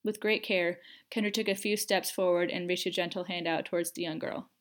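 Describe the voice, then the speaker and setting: A woman narrating a fan fiction audiobook with measured, expressive storytelling. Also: lowish voice.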